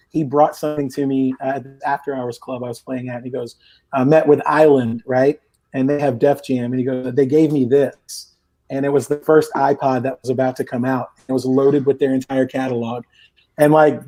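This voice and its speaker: A live podcast guest, this man talks casually in a loose, rambling manner with many restarts. He's on a remote call using headphones or a headset, and his mid-range voice has a warm tone.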